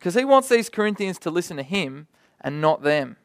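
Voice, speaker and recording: A young man preaching a sermon in a lively, conversational way, with vivid asides and stories. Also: high voice, moderate pace, smooth, no room sound.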